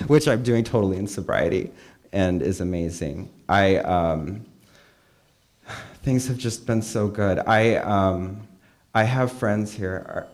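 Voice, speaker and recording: A man's voice: sits low, darkish tone. A young man from California giving a candid, self-mocking personal talk at a meeting, full of fillers and asides. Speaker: meeting speaker. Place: meeting hall.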